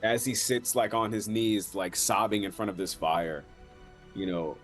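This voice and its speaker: Deep, slow, halting man. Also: fairly even intonation, faint music behind. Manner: halting, searching for words with many fillers. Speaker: player. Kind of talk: narrating his character in a tabletop game.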